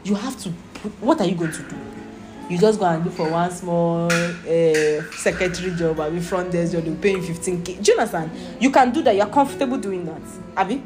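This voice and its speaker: A woman's voice: on the low side, brisk. A woman with a Nigerian accent teaching a Bible lesson, earnest and often checking that her listeners understand. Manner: earnest, repeatedly asking "Do you understand?". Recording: roomy echo with music behind.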